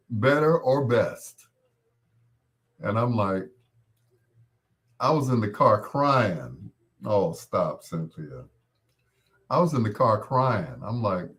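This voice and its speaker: A man hosting a casual chat, animated and laughing often, calling people affectionate pet names. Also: mid-range voice. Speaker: host.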